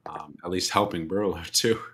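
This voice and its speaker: A man's voice: low-pitched, steady tone, normal speed, a bit bright, a little hiss or hum. A man playing in a tabletop game, chatty and reactive. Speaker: player. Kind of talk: casual tabletop play.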